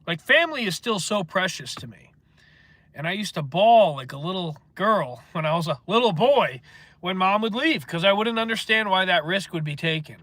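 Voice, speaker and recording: A man's voice: high voice, lively intonation, moderate pace, a bit bright, no echo. A man with a stuffy nose, hosting a livestream and reading viewer comments in a rambling, earnest monologue full of filler words.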